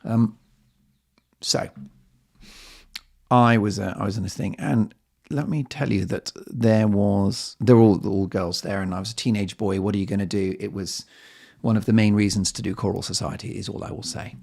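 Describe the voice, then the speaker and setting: Middle aged guy rambling on his podcast, bit of gravel in the voice, jokey and self-deprecating. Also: lowish voice, fairly even intonation, moderate pace, a little mellow. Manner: self-mocking, chatty storytelling with asides. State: slightly lightheaded. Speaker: podcast host. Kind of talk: casual solo podcast monologue.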